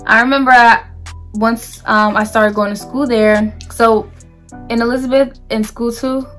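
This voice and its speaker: A woman's voice: fairly high pitch, steady tone, a little slow, fairly bright tone, faint music behind. A young woman from New Jersey telling a personal story in a casual storytime vlog, chatty and full of "like"s and restarts. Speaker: vlogger.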